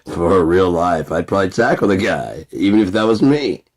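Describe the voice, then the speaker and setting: A man's voice: deep voice, animated, moderate pace. A man vlogging in a rambling, profane, casual monologue, laughing often at his own stories.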